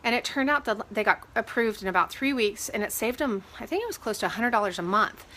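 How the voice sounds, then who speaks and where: A woman real estate agent giving casual advice, sniffling from a cold and animated when she retells her arguments. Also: fairly high pitch, fast talker. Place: home with dogs.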